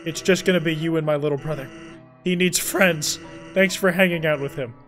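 A man's voice: a little high, fairly quick, fairly bright tone, faint music behind, natural voice. A man voicing a laid-back adult male skeleton with a lazy, joking drawl. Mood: easygoing.

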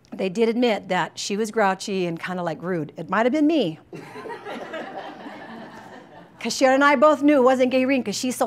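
A middle-aged woman counselor talks to college staff at a mid-range pitch, chatty and animated. She jokes and leans on casual fillers, speeding up and slowing down as her stories unfold. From United States. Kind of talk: informal staff training talk. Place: presentation room, talking to staff.

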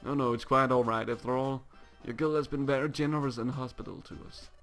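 Guy doing a smarmy fake-nice skunk bad guy, gravelly, faint music. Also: mid-range voice, fast talker, a bit bright, natural voice. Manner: smarmy, falsely polite. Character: sly scheming male skunk Pokemon villain.

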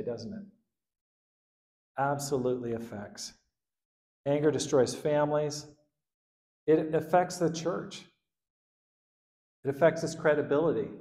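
A pastor preaches a sermon in a church hall, his medium-pitched voice animated as it swings between loud outbursts and quiet asides. He acts out the quotes, and the sound is roomy.

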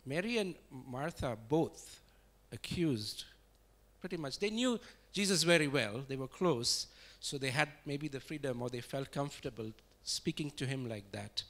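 A man preaching in a conversational, relaxed way, chuckling and searching for words as he talks. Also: mid-range voice, a little slow. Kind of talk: conversational sermon.

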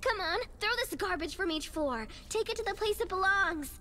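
A woman's voice: very high voice, animated, normal speed, bright, forceful tone, soft background music, heavily acted. A woman voicing an eerie young girl who guides the player with cryptic warnings in a horror video game. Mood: urgent.

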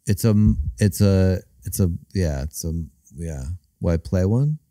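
Guy on a podcast, lowish mellow voice, keeps stopping and restarting, dry close sound. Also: lively intonation, dry recording. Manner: halting, restarts a lot, drifts into character voices. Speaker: comedian guest. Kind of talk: casual podcast chat.

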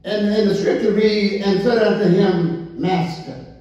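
A man preaching a sermon as pastor, drawing out his words and rising into excited calls to the congregation. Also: sits high, a little slow, dull audio. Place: church sanctuary. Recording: echoey church from far off.

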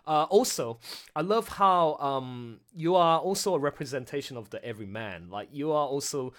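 A man hosting a casual livestream chat with voice actors, excitable and rambling, laughing often. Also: on the high side, moderate pace. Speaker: livestream host.

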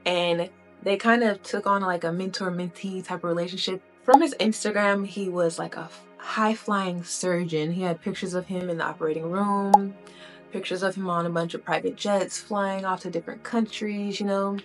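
A woman's voice: lowish voice, fairly even intonation, moderate pace, faint music behind. A woman casually retelling another person's story in a chatty, conversational way, often checking in with the listener. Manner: chatty, conversational, frequent "right?" and "you know". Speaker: commentary vlogger.

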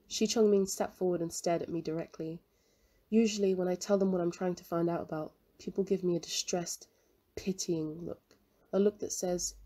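A woman reading a novel aloud as scripted narration, in a measured, even storytelling manner. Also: lowish voice. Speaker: audiobook reader.

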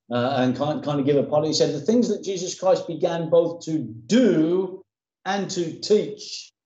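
A man's voice: fairly high pitch, a little mellow, echoey room, lo-fi sound. A man preaching a sermon as pastor, emphatic and dramatic in his delivery. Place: church.

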